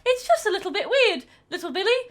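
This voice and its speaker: Bossy girl spy, played by a woman, high bright voice, blunt and giggly. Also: sing-song, quick pace, exaggerated voice. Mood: dismissive. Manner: giggly, rambling improvised dialogue. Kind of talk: improvised storytelling.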